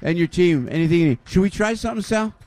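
An older man with a high, fast voice hosts a live radio show in a restaurant venue before an audience, with no echo. Lively and energetic, he greets the crowd and keeps repeating "I'll tell you."

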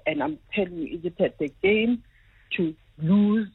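A middle-aged woman calling a radio show, animated and talkative as she tells her story. Her husky voice comes through a thin, tinny phone line. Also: mid-range voice, moderate pace, no echo. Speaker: caller. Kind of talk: phone-in chat. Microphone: telephone.

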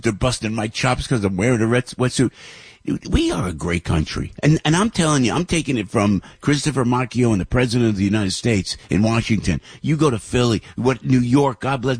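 A man's voice: lowish voice, breathy edge, dry recording, studio quality. A man, host of a show, telling a rambling, emotional story about his family with many restarts. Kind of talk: casual storytelling monologue.

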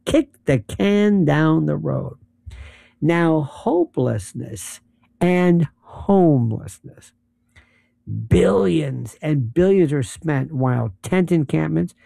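A man with a gravelly, mellow voice rants sarcastically, his pitch leaping up and down as he mocks the people he quotes. The sound is close and dry, with no room behind it. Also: animated, slow pace, no room sound. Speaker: commentator. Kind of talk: monologue.

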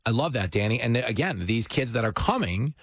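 A man's voice: medium pitch, brisk, no echo. A man hosting a radio interview, talking in an enthusiastic, affirming way. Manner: enthusiastic, affirming, lively emphasis. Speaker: radio show host. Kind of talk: casual interview chat.

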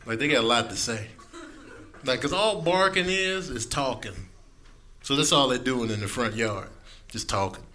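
A man doing a stand-up comedy set, telling stories in a playful, animated way and often laughing as he talks. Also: medium pitch, normal speed.

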